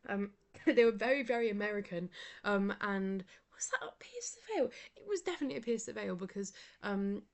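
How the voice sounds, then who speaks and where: A young woman chats casually in a sleepy, rambling way, her speech often fading to a soft whisper. Her pitch sits in an ordinary middle range. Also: lively intonation, fairly quick, gravelly. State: sleepy, yawning. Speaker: vlogger. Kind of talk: casual chat.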